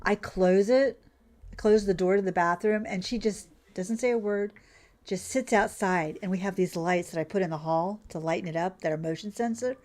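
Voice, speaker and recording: A woman chats her way through a farming game with casual, exclamatory commentary. Her voice sits at a middle pitch for a woman. She breaks in often with surprised outbursts. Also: darkish tone. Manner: chatty and exclamatory, quick laughs. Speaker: gaming channel host.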